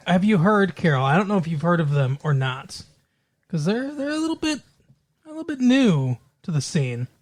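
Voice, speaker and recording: Slow, deadpan woman podcast co-host. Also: fairly low pitch, dry recording. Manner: deadpan, teasing, halting. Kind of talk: casual comedic chat.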